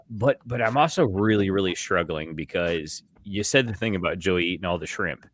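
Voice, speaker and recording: A man's voice: low-pitched, fairly bright tone. A young man co-hosting a casual beer podcast, rambling through crude jokes and stories. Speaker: podcast co-host.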